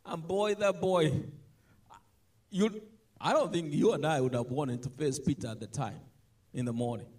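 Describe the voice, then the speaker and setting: A man preaching a sermon, animated, swinging between loud emphatic lines and soft asides. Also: fairly high pitch, normal speed, pauses often.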